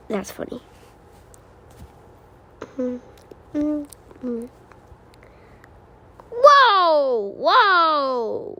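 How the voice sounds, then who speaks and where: Excitable high-pitched gaming YouTuber woman. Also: creaky, a little hiss or hum. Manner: excitable, exclaiming often. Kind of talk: gameplay commentary.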